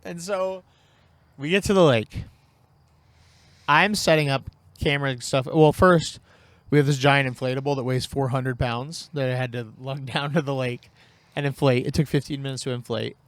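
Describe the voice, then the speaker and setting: Male podcast co-host, casual storyteller, lively with quoted lines, dry close sound. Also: mid-range voice, normal speed, no echo. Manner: animated, acts out quoted lines.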